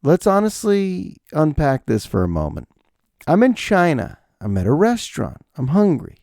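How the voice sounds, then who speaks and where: A middle-aged man hosting a podcast, rambling through profane, animated comic stories on a close mic. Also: a little high, moderate pace, creaky, no echo. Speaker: podcast host. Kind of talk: comedic podcast monologue.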